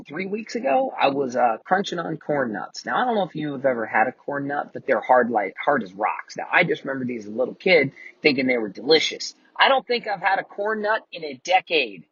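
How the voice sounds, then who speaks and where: A man's voice: a little high, fairly bright tone, husky, dry recording, dull audio. A man in his forties hosting a casual mentoring talk, telling a personal story in a candid, profane way. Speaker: host.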